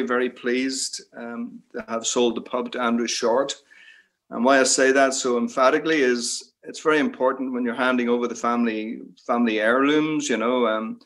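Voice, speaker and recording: A man's voice: medium pitch, a bit bright. Guy, middle aged, reflective, keeps saying you know, on a video call. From Northern Ireland. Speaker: interview guest. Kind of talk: reminiscing interview talk.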